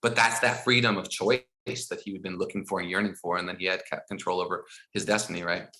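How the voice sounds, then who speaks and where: A middle-aged man telling animated stories as a podcast guest, acting out dialogue and laughing as he goes. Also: low voice, fast talker. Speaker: guest, founder of a school mindfulness program. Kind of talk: storytelling in a podcast interview.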